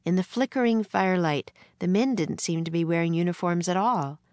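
A woman narrating a children's storybook aloud in a gentle read-aloud manner. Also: on the low side, fairly quick, no echo. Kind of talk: storybook reading.

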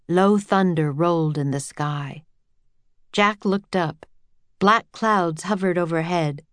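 Woman, children's audiobook narrator, slightly low voice, dry close sound. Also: takes it slowly, dry recording.

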